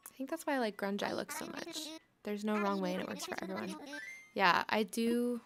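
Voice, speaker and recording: A woman's voice: medium pitch, lively intonation, a little fast, music in the background. A woman in her late twenties hosting a livestream, chatting casually and rambling while she plays, often filling her sentences with "like". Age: late 20s. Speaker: livestream host. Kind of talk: casual chat while gaming.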